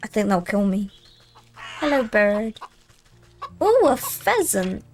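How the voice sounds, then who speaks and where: A woman's voice: mid-range voice, very animated, slow, a little mellow, faint music behind. A young woman streaming a game, chatting as she plays and reading the game text aloud. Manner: chatty, easily distracted, reads game text.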